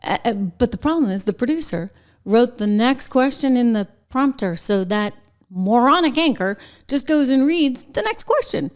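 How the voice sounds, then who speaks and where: A middle-aged woman hosting an online commentary show, talking casually to camera, animated and sarcastic, with frequent laughs. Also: on the high side. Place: home studio. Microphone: close mic facing a camera.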